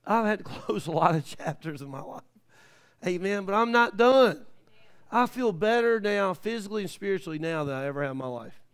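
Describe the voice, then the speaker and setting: A man in his fifties preaching a live church sermon, telling stories in a folksy way with many amens. He swings from quiet asides to shouted peaks. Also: high-pitched, animated, fairly quick, clear, resonant tone. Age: 50s. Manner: folksy, with frequent amens and praise the lord.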